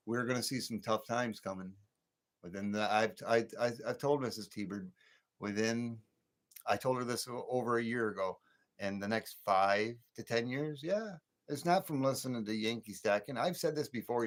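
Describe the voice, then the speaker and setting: A man in his late fifties hosting a late-night livestream, ranting and rambling with many repeats and restarts. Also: lowish voice. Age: 50s. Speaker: livestream host.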